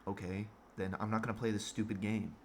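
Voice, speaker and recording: Low-voiced man ranting sarcastically. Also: level tone, fairly quick, darkish tone, a little hiss or hum. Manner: sarcastic, crude, mocking. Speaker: vlogger. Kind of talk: provocative monologue rant.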